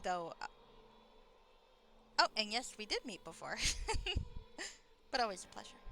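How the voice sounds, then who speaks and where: A woman chats through a live game stream, quick to laugh and poke fun at herself. Her voice is bright and forward, sitting a little low. Soft music runs quietly in the background. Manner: chatty and self-deprecating, laughs often. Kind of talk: live gameplay commentary.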